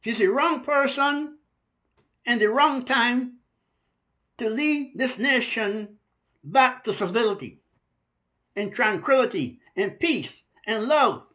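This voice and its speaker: A man from Barbados preaches with fire, his voice pitched high for a man. He hammers each point and slows right down to lean on the words that matter most. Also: expressive, pushed and bright. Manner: emphatic, stretches key words slowly. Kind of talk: fiery preaching monologue.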